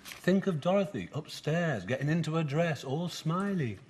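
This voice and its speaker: The voice is a little high, expressive and close to everyday speech, at a moderate pace with a little hiss or hum. It belongs to a young adult actor playing a goofy, rambling best man who jumps between silly jokes and asides in a TV sitcom with loud audience laughter.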